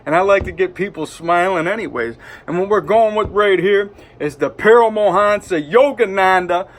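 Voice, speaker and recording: A man's voice: sits high, moderate pace. A man with a Detroit accent rambling in a loose, hyped-up vlog monologue from home, full of fillers. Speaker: vlogger. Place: indoors at home.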